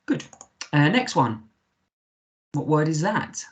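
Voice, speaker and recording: A man's voice: a little high, big pitch swings, slow. A man with an English accent, a primary school teacher giving a recorded remote lesson, patiently sounding out words letter by letter.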